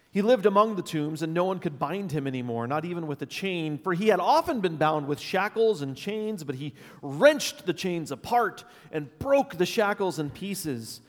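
A man reading scripture aloud expressively, giving quoted lines extra emphasis. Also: on the high side. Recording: long hall reverb.

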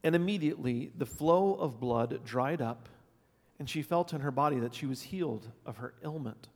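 A man's voice: mid-range voice, moderate pace. Man reading scripture in an echoing hall. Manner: expressive reading, voices the quoted lines with emphasis. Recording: long hall reverb.

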